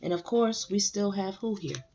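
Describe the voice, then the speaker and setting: A woman's voice: medium pitch, moderate pace, mellow, slight background noise. Emphatic woman giving a tarot reading. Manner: emphatic, repeats phrases, addresses the collective directly. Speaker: tarot reader. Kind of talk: casual spiritual reading to viewers.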